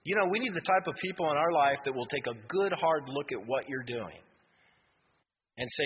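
A man's voice: on the high side, expressive, a little fast. A man preaching a sermon as a pastor, telling stories and rising to emphatic exhortation. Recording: muffled hall reverb, faint noise.

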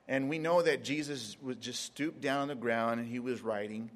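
A man preaching a sermon in a mid-pitched voice. He stretches key words, leaves long pauses, and slips into quoted voices to act out scenes. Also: long reverb tail. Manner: dramatic pauses, acts out Bible scenes in quotes.

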